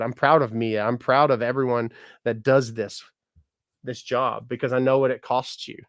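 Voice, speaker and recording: Man, 30s, live-stream host, casual and jokey, greets viewers, middle-pitched voice, dry room. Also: no echo. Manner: chatty, jokey, speaks to viewers by name, laughs often, swears. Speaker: musician and content creator hosting a live stream.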